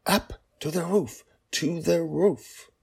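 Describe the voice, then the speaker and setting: A man's voice: fairly high pitch, slow, creaky, breathy edge, voice pushed up, exaggerated voice. A man stage-whispering as a frantic dragon father. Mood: urgent hushed. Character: anxious dragon father, hushed urgent warnings.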